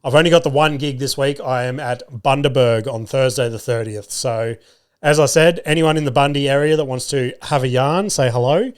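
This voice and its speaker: A man's voice: mid-range voice, normal speed, clean tone. A young Australian man hosting his own podcast, chatting casually and swearing freely. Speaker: podcast host. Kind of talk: casual solo podcast chat.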